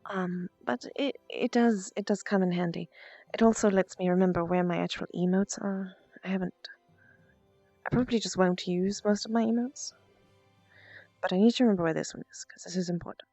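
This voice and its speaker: A woman streamer chatting casually with her viewers, stuttering and muttering, with soft asides dropped under her breath. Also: on the low side, fairly even intonation, moderate pace, no room sound. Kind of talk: casual chat with stream viewers during VR role-play. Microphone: VR headset mic. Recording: dull lo-fi stream audio, faint music.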